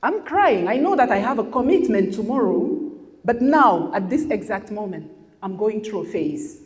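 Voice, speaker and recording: A woman's voice: medium pitch, big pitch swings, moderate pace. Heartfelt woman speaking in a reverberant hall. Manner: heartfelt, candid, repeats phrases for emphasis. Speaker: masterclass speaker. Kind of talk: emotional personal talk to an audience. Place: hotel event room.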